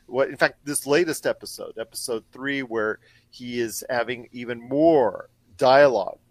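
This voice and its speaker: A man hosting a pop culture radio show and podcast, with an energetic, promo-style delivery. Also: medium pitch, normal speed, no echo. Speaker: podcast host.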